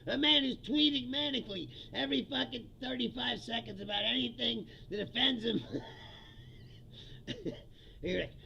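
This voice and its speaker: A man's voice: extremely high pitch, moderate pace, gravelly, long pauses, sharp tone, muffled recording, a little hiss or hum. A male comedian in a profane, mocking political rant, often laughing at his own jokes.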